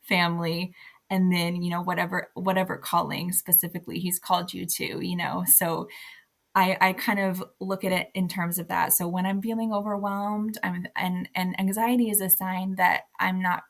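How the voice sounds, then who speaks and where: A young woman with a low, gravelly voice talks in an even, flat tone as a podcast guest. She sounds earnest and reflective. Her speech is casual and conversational. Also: moderate pace. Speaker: author guest.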